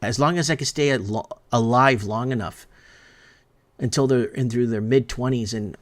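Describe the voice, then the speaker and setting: A man's voice: mid-range voice, moderate pace. A man hosting a talk show, reading through news headlines and commenting in a rambling, emphatic way that often stumbles over words. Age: adult parent of three. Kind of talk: casual news commentary while browsing headlines.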